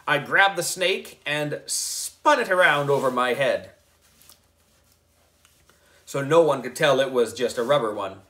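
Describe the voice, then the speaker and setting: A man reading a children's book aloud, narrating in an expressive, deliberate storytelling manner. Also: on the high side. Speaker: book club reader.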